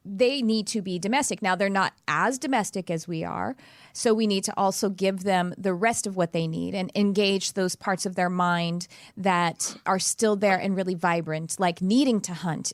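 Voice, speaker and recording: An earnest woman hosts a relaxed podcast conversation, often restarting her sentences as she thinks out loud. Her voice sits at a middle pitch, and the sound is dry and close, with no room echo. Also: moderate pace. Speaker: podcast host. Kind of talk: casual conversational interview.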